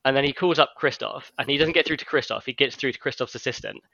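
Casual male storyteller, quick and bright-voiced, dry muffled recording, chatty rambling delivery. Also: medium pitch, creaky, dry recording. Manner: rambling storytelling, heavy use of "like". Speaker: friend retelling an imagined film plot. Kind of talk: casual chat among friends.

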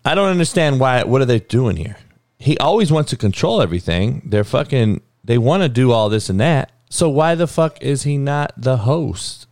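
Blunt, heated man ranting, lively pitch. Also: moderate pace, dry recording, studio quality. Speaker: podcast host. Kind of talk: casual opinion rant.

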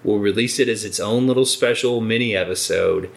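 A man's voice: fairly low pitch, brisk, vocal fry. A man co-hosting a podcast in casual chat, laid-back and enthusiastic, swearing freely. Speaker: podcast co-host. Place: indoor recording room.

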